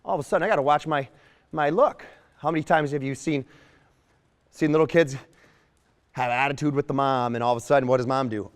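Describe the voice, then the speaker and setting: A man's voice: medium pitch, fairly quick, long pauses, big-room sound. A man working as a horse trainer, explaining a training demonstration as he works and voicing what the horse seems to think.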